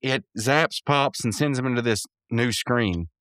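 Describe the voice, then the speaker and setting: Rambling podcast host with smooth voice. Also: male voice, mid-range voice, measured pace, fairly bright tone, no room sound, clean studio sound. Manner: rambling, self-correcting, laughs often. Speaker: podcast host reviewing a cartoon episode. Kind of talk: casual recap and commentary.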